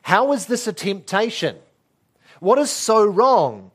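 A man preaches an expository sermon with a lively voice that swings widely in pitch. He asks rhetorical questions and leans hard on key words. His voice sits a touch higher than most men's. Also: slow, slightly rough.

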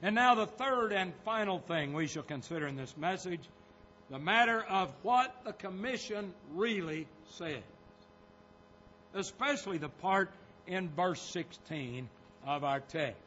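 A pastor preaches in a high, bright voice, taking his time over each point. His delivery turns emphatic and rises on the scripture he quotes. The recording has a dull, lo-fi sound. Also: lively intonation, unhurried, slight background noise. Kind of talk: sermon.

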